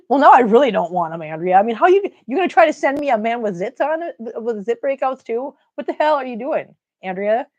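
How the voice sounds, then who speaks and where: A woman's voice: on the high side, big pitch swings, a little fast, a little mellow. Chatty middle-aged woman, dull audio. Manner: joking, chatty, reads comments aloud and laughs. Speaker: livestream host reading chat. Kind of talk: casual livestream chat.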